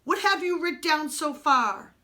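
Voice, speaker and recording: A woman voicing a big, boastful male outlaw who talks in loud, rough, rustic speech. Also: high voice, expressive, measured pace, voice pushed up, heavily acted. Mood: menacing.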